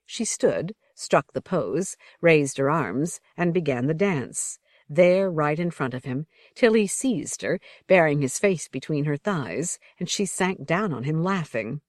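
Woman audiobook narrator, low-pitched, measured, dry close sound. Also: lively intonation, no echo.

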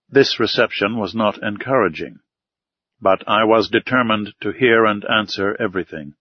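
A man giving measured, formal first-person audiobook narration. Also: on the low side, husky, no echo. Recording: slightly dull, dry recording.

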